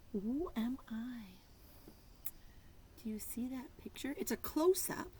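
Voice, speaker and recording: A young woman reading a picture book aloud to preschoolers, animated and sing-song, stretching words out slowly and dropping into soft whispers. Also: medium pitch, slight background noise, low-quality recording. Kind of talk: children's read-aloud.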